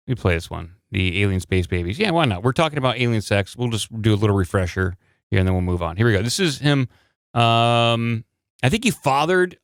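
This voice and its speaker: A man's voice: lowish voice, gravelly, no room sound, clean studio sound. A male podcast host in casual, loose chat, joking and rambling with his co-host. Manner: loose, joking, full of fillers and restarts.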